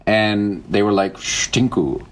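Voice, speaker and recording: Casual podcast co-host: a campy American man with a low voice, quick to laugh. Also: lively intonation, rough recording. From United States. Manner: campy, joking, often laughing. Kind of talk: casual chat recapping a reality show.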